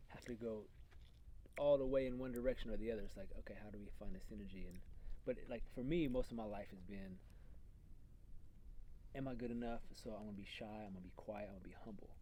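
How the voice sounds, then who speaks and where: A man's voice: lowish voice, fast, warm tone, slight background noise, low-quality recording. A man co-hosting a casual conversation, speaking reflectively and searching for his words. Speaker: podcast co-host.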